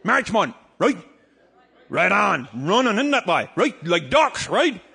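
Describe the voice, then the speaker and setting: A man with a Newfoundland accent telling a comic tall tale to a live audience, shouting and laughing as he goes. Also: sits high, very animated, slow pace, vocal fry, breathy edge. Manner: rollicking, shouting and laughing through a yarn. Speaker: storyteller.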